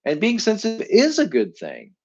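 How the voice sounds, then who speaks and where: A middle-aged man giving a live teaching talk as a coach, animated and acting out what people say in a higher voice. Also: moderate pace, husky, muffled recording. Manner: animated, acts out quoted voices in a higher pitch. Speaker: enneagram coach.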